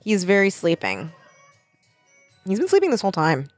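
A woman's voice: medium pitch, huge pitch swings, moderate pace, a little mellow, no room sound, soft background music. A woman reacting to a show in loose, casual chat. She is sarcastic, laughs easily and swears freely. Her voice is recorded close and dry, with no room sound. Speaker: co-host watching a show.

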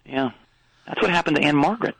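A man playing a rambling, oddball sports coach calling into a radio show, deadpan with many restarts. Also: on the high side, fast talker, gravelly, breathy edge, dry recording, full character voice, poor audio. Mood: bumbling. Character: rambling middle-aged male sports coach. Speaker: caller. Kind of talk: comedic call-in bit.

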